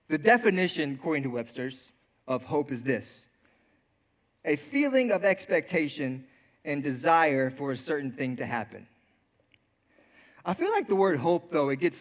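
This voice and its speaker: A young man with a fairly high voice preaches to a youth group in a casual, joking way. He tells a story from his school days and acts out each person in it. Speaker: youth pastor. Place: church youth service before an audience.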